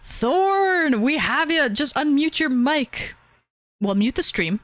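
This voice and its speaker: Chatty female streamer host, animated delivery, dry close sound. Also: sits high, measured pace, no echo. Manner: bubbly, chatty, lots of fillers and laughs. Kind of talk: casual livestream chat.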